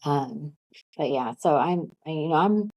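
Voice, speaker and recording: A woman hosting an interview podcast, calm and even, with many relaxed fillers. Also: deep voice, unhurried, rough recording. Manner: calm, self-described monotone. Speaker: podcast host. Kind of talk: casual interview.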